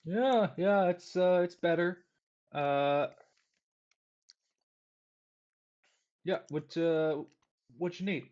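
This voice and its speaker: A man's voice: sits high, steady tone, slow pace, darkish tone, pitched above the performer's own voice. A man voicing Arvin, a guarded young male student with a curt, hesitant way of talking. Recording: dull lo-fi audio.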